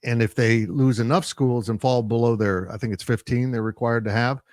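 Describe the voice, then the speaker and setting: A male sports analyst discussing college football in a measured, analytical way, with frequent "uh" fillers. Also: medium pitch, fairly even intonation, darkish tone, dry recording, clean studio sound. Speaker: sports site publisher and analyst.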